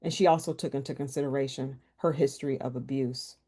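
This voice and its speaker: Over a video call, a woman researcher presents a workshop talk and takes questions in an earnest, conversational way, with some restarts. Her voice is very deep, warm and slightly rough, steady in tone, and she talks fast.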